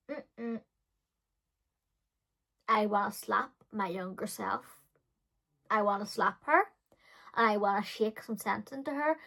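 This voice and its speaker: A woman's voice: medium pitch, fairly bright tone. Chatty, dramatic woman vlogger. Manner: dramatic, chatty, lots of "like" fillers. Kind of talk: casual storytime chat.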